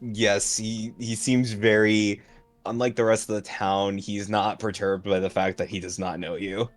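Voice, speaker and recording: A man running a tabletop game as game master, describing scenes with frequent pauses and fillers. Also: fairly low pitch, level tone, faint music behind. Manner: halting, filler-heavy description.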